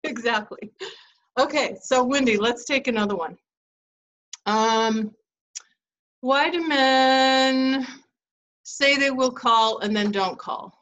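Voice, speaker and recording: A middle-aged woman hosts a casual advice talk, her voice sitting a little high. She tells stories from her own marriage and laughs easily between points. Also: slow pace, pauses often, fairly bright tone, rough recording. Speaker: host.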